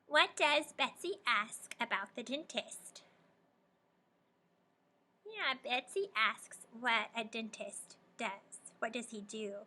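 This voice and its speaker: A young adult woman teacher leading a guided reading lesson for young children, asking questions and warmly praising answers. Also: a little high, slow pace. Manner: encouraging, prompting and praising students.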